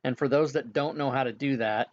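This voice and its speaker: Relaxed game master, slightly dull audio. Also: male voice, medium pitch, brisk. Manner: relaxed, explanatory, with frequent filler sounds. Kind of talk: casual instructions during an online game session.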